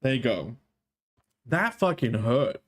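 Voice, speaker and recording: A man's voice: medium pitch, sing-song, slow pace. A male streamer with a strained throat, chatting in a playful, jokey way and swearing freely. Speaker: streamer, host. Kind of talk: casual live-stream chat.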